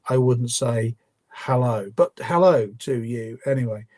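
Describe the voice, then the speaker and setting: A man's voice: medium pitch, unhurried, a little mellow. This is a man with a mid-range voice, hosting a casual live question-and-answer stream. He reads viewers' messages aloud and answers with firm opinions, loosely and conversationally. His talk is full of ums and restarts. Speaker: livestream host. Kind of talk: live Q&A commentary.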